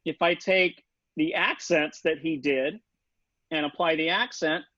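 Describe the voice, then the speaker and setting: A man's voice: on the high side, unhurried, pushed and bright, no echo. A man teaching saxophone in an online lesson, casual and chatty, singing rhythms and articulations with scat syllables over a video call. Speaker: saxophone instructor. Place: home setup for a virtual session. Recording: dull lo-fi video call audio.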